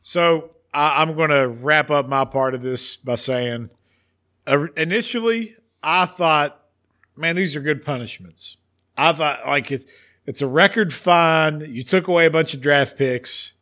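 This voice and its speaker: Male sports podcast host, animated and theatrical, bright, slightly high voice. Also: unhurried. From West Virginia. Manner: animated, ranting, theatrical emphasis. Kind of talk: casual sports talk.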